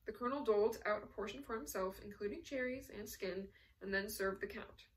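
A woman narrating a novel in a measured, even storytelling manner. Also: medium pitch, distant mic, a little hiss or hum, rough recording. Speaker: audiobook narrator. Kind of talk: scripted narration.

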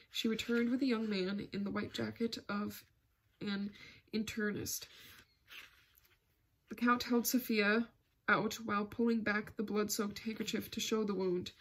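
Woman reading a novel out loud, steady, kinda breathy. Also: medium pitch. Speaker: audiobook narrator. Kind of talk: scripted narration.

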